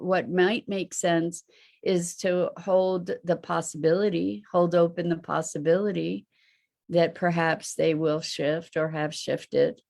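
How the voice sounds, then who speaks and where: A woman's voice: fairly low pitch, gravelly, darkish tone. A woman hosting a reflective live online talk, musing aloud and posing rhetorical questions. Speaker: host and teacher.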